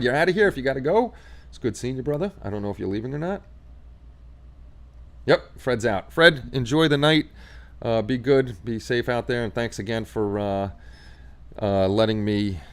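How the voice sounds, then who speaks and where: A man's voice: fairly low pitch, a little mellow. An American man hosting a casual hobby livestream, chatting and joking while he paints models. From United States. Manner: chatty and joking, laughs often.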